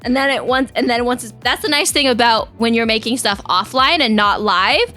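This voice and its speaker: A woman's voice: fairly high pitch, moderate pace, pushed and bright, soft background music. A young woman streaming live, chatting casually and giggling as she talks to her chat. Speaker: vtuber streamer.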